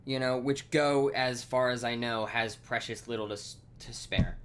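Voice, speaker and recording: A man's voice: mid-range voice, steady tone, moderate pace, a bit bright, a little hiss or hum. A man coding on a live stream, rambling and swearing with lots of fillers, muttering code to himself between rants. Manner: rambling, profane, many fillers. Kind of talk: casual live-coding rant.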